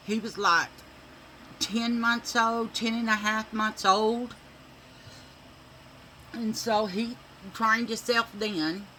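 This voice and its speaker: A woman's voice: medium pitch, pushed and bright, a little hiss or hum, low-quality recording. A woman telling rambling stories while doing her makeup at home. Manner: chatty, rambling, with many fillers. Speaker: makeup vlogger.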